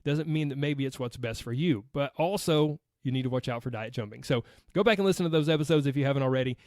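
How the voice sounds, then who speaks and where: A man's voice: mid-range voice, quick pace, darkish tone, dry recording, studio quality. A man with a Southern US accent hosting a weight loss podcast, chatting casually and reading listener posts aloud with a friendly laugh.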